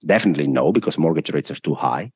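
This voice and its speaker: A man with a very low, deep voice explains the economy as a guest. He is emphatic and works through his points step by step, stacking up lists. The sound is close and dry. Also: expressive, fast, breathy edge, no room sound. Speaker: guest macro analyst. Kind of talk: explanatory interview answers.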